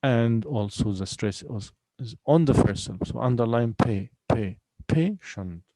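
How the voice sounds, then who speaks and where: A male English teacher with a mid-range, dark-toned voice runs a vocabulary lesson at a moderate pace, patiently repeating each word and splitting it into syllables to drill the stress clearly. It's a recorded online lesson with no echo but poor audio quality.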